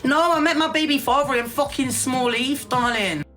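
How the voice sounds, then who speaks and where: A woman's voice: high-pitched, moderate pace, over music. A middle-aged woman ranting on a livestream, brash and profane, calling everyone darling. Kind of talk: casual rant on a livestream.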